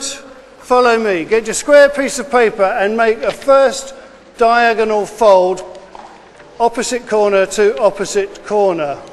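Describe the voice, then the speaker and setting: A man, a teacher, giving a class of children step-by-step instructions in a brisk, encouraging way that repeats each step. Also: very high voice, big-room sound, a little hiss or hum.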